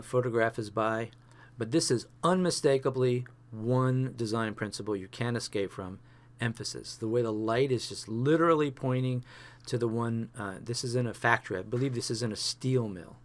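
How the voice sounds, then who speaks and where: A man teaching a photography class, talking through example pictures with many fillers and restarts. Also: medium pitch. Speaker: photography instructor.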